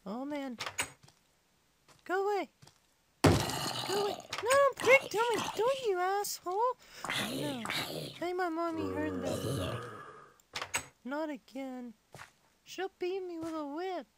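Squeaky little boy gamer, whiny and rude; very high, unhurried delivery. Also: sing-song, very noisy, heavily acted. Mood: childish. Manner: whiny, silly rambling play commentary. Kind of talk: comedic game play-along.

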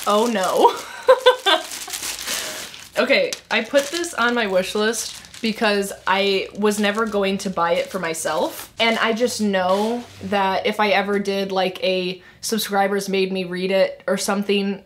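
A young woman in her twenties talks through a book haul in a casual, gushing way. She fills her sentences with "like" and "um" while her voice sits at a medium pitch. She sounds openly excited about each book. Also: a little slow, hardly any pauses, slight background noise. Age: 20s. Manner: chatty, gushing, many "like" and "um" fillers. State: emotional, tearing up. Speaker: book vlogger.

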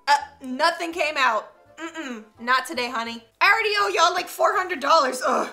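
A young woman with a high, bright, sharp voice chats away as a vlog host, reacting to clips with sassy asides. Faint music plays behind her. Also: expressive, moderate pace. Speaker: YouTuber host. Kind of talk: casual reaction commentary.

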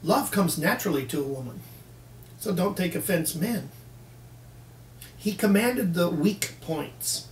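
Slow-talking preacher man in an echoey room. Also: high-pitched, expressive. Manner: folksy, acts out both sides of little dialogues. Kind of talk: sermon. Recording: echoey room, mic at a distance, faint background hiss.

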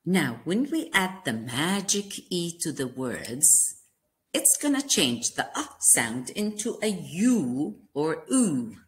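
Woman, kindergarten teacher, very slow pace, lively pitch, spells words out, asks children questions. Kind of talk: slow phonics lesson for young children. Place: classroom lesson video.

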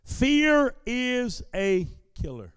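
A male pastor preaching a sermon in a church service. He repeats his lines in a steady preaching cadence and builds them up into shouted declarations. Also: very high voice, very slow, clean tone, no room sound, studio quality, long reverb tail. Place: church sanctuary during a service.

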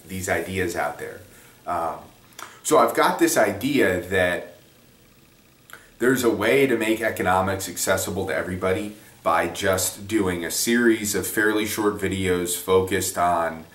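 A man with a low voice talks through basic economics in a loose, conversational way, wandering off on tangents and poking fun at himself. He sits well back from the microphone in an echoey room, so his voice sounds roomy and a little distant. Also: fairly bright tone. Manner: conversational, rambling, self-deprecating. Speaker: economics explainer. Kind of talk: casual spoken lesson.

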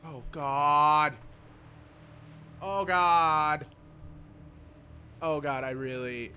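A man's voice: a little high, takes it slowly, pauses often, sharp tone, faint music behind. A man playing a horror game, panicking, swearing and pleading with the game as he goes. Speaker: let's play gamer.

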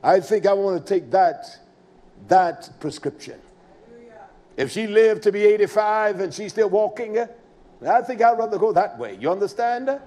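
Emphatic preacher, high voice. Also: male voice, moderate pace. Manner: folksy, emphatic, swings between loud and quiet. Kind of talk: sermon.

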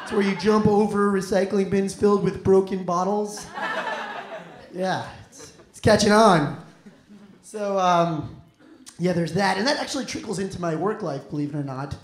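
A man's voice: high voice, moderate pace. Self-deprecating young man doing stand-up. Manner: self-deprecating, rambling, profane. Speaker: stand-up comedian. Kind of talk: stand-up set. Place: comedy club stage. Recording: echoey comedy club room.

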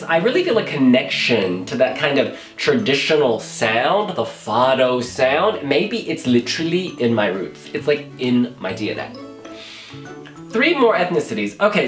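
An American man chats in a bouncy voice with big swings in pitch, gushing and exclaiming as he reacts. The sound is roomy and echoey, with faint music underneath. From United States. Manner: animated and exclamatory, calls the viewer honey. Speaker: Eurovision blogger. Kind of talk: casual vlog reaction.

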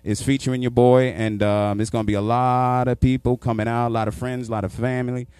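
A man's voice: mid-range voice, flat delivery, brisk, darkish tone, clean tone, dry recording. A man, a stand-up comedian, telling stories in casual, profane street talk.

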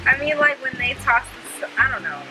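A chatty woman with a slightly raised voice hosts a food vlog outside a restaurant, where waterfalls run nearby. She sounds bubbly and relaxed as she eats. Music plays clearly under the talk. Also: high voice, a little fast, rough recording. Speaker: mukbang vlogger host. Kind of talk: casual chat while eating. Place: outdoors beside a restaurant with waterfalls.

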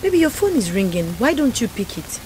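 A woman's voice: on the high side, very animated, brisk, darkish tone, low-quality recording. An actress playing a kind young shopkeeper who soothes her worried boyfriend. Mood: soothing. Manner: soothing, reassuring. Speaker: shop owner. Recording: background film music.

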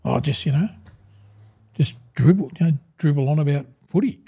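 An Australian man in his sixties, a former footballer turned broadcaster, telling animated stories in an interview and acting out quoted conversations. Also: fairly high pitch, moderate pace, breathy edge. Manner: animated yarn-spinner, acts out quoted dialogue, says "mate" constantly. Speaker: guest, former rugby league player and broadcaster. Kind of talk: casual interview storytelling.

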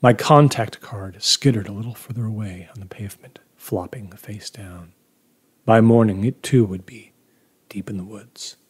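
A man reading first-person horror fiction aloud in a measured, low-key way, often dropping to near-whispers. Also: husky. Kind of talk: first-person story narration.

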